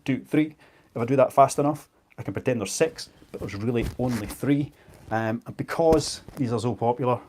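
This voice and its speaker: A man's voice: mid-range voice, a little mellow, slight background noise. A man, chatting casually as he auctions books on a live stream, joking at his own expense. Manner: chatty and self-mocking. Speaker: online book seller.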